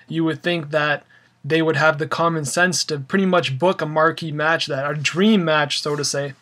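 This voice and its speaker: A man's voice: on the high side, bright, forceful tone. A young man ranting casually about wrestling, rambling with lots of fillers and an exasperated tone. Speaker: wrestling fan vlogger. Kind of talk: casual opinion rant.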